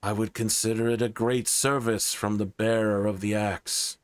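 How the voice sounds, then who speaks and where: A man voicing a pained male king who speaks to the players through a magic axe, in a slow and formal way. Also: on the low side, level tone, clear, resonant tone, no echo, close to an everyday voice. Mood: regal, grave. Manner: slow, formal, regal speech.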